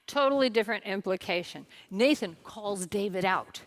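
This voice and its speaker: Woman pastor giving a sermon in church, animated storyteller, repeats words for punch, jokes with the crowd a bit. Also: medium pitch, a little fast, hardly any pauses. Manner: expressive storytelling with emphatic repetition; addresses the congregation directly with light humor. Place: church service.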